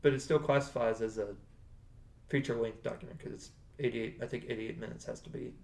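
Man, mid-pitch, casual rambly co-host, roomy echo on the track. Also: steady tone, fairly quick, vocal fry, a little mellow. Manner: rambling, self-correcting. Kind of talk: casual chat.

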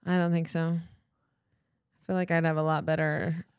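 An American woman with a lowish, smooth and clear voice, trading crude jokes on a casual podcast. Her delivery is playful and loose, recorded dry and close with no room sound. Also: flat delivery, darkish tone, no room sound. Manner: playful, crude, quick to laugh. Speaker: podcast co-host.

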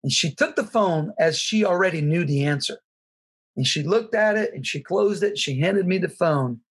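An earnest middle-aged man tells a personal story in a slightly breathy, husky voice that sits a bit high. He is halting and sincere and often restarts his sentences. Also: lively intonation. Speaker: guest sharing his testimony.

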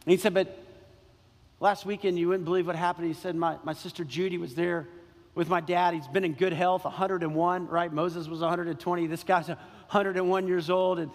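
Male pastor, high voice, impassioned repetitive preaching, long church reverb. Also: steady tone, fairly quick. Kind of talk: sermon.

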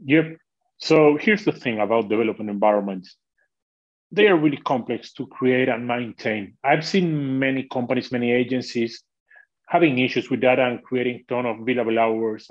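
A man's voice: medium pitch, moderate pace. Man explaining tech, dull lo-fi sound. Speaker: guest, product manager. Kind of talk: technical interview explanation.

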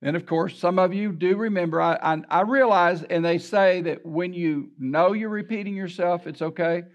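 Preaching a sermon in a fairly high voice at normal speed, an older pastor recounts a story from his own life, acting out the people he quotes and repeating words along the way. The sound is lo-fi.

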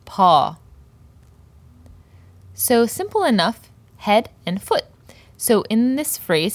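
Woman teaching Persian poetry slowly. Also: on the low side, no room sound. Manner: slow, careful, repeats words for learners. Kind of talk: explanatory language lesson.

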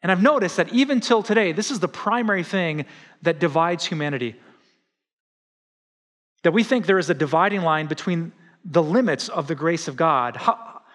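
Middle-aged male pastor, conversational sermon delivery, slightly high voice, long hall reverb. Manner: animated, conversational preaching with acted-out quotes.

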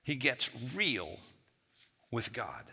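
A man's voice: big pitch swings, very slow, gravelly, sharp tone, husky. A man pastor preaching a sermon to a congregation, acting out the whiny complaints of biblical figures in a raised voice. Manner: acts out whiny biblical quotes in a raised pitch. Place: church hall. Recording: long hall reverb.

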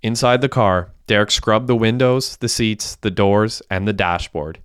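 A man reads a crime story in a steady, even manner. His low voice is smooth and clear, and the recording is close and free of room sound. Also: measured pace, no echo. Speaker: audiobook narrator. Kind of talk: scripted narration.

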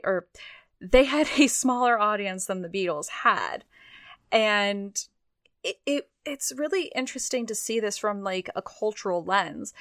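A woman's voice: medium pitch, a bit bright, dry recording, clean studio sound. A young woman co-hosting a podcast in casual chat, self-deprecating and prone to restarting her sentences. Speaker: podcast co-host.

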